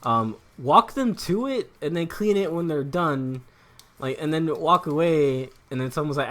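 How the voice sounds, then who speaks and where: While streaming a game, a young man talks at normal speed in a medium-pitched, fairly bright voice. His casual chat rambles along with jokes, free swearing, and frequent laughter.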